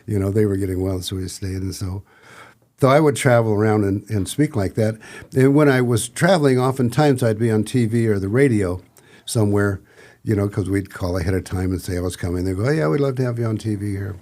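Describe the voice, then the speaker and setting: Podcast guest, middle-aged man, lowish mellow voice, loose storyteller who slips into other people's voices. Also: steady tone, fairly quick. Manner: rambling anecdotes with acted-out quotes and restarts. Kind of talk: casual storytelling.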